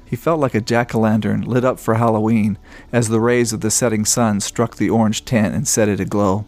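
A man reading a story aloud in a steady, descriptive narration. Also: on the low side, brisk. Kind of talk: scripted narration.

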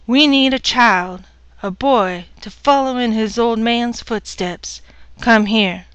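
A woman doing a loud, brutal moonshiner husband. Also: fairly high pitch, unhurried, smooth, dry recording, muffled recording. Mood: demanding. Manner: loud, barking commands. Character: brutal moonshiner husband, adult man, violent.

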